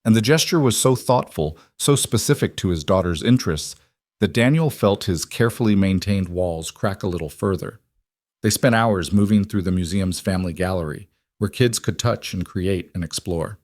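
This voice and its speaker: A man reading a scripted story as narrator, in an even, measured way. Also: low voice, dry recording, clean studio sound.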